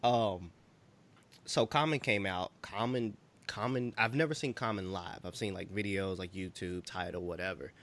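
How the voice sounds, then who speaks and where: A man co-hosting a podcast, telling stories in a relaxed, rambling way full of fillers. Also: low voice, moderate pace. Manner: relaxed storytelling, lots of fillers. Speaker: podcast co-host. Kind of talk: casual chat.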